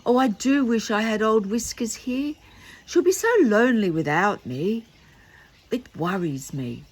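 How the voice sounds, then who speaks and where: A woman's voice: on the high side, lively intonation, unhurried, husky, voice pushed up. A woman doing a fretful old brownie man. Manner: fretful, gentle. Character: kindly old bearded brownie man, anxious.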